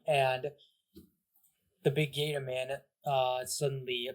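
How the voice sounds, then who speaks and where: A man's voice: medium pitch, flat delivery, slow. A man narrating a tabletop game as game master, rambling with many fillers and laughs.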